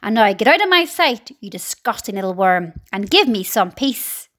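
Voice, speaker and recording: A woman's voice: big pitch swings, normal speed, a bit bright. A woman reading a storybook aloud, voicing a thin, spiteful old aunt who screeches and snaps. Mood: furious. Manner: shrill and snapping.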